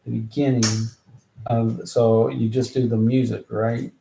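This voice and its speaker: Gravelly man musing aloud over lyrics. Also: mid-range voice, level tone, mellow. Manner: musing, talks to himself in halting bursts. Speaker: rapper writing lyrics. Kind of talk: thinking aloud while songwriting. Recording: roomy echo, faint background noise.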